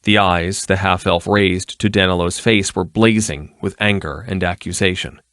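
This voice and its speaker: Low-voiced man narrating an audiobook. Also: fairly even intonation, normal speed, a bit bright, no echo, clean studio sound. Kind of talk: scripted narration.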